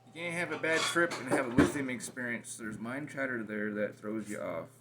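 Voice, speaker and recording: A man's voice: medium pitch, moderate pace, over a noisy crowd. A man talking bluntly and profanely in a rambling, confrontational conversation with his partner. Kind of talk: casual heated conversation.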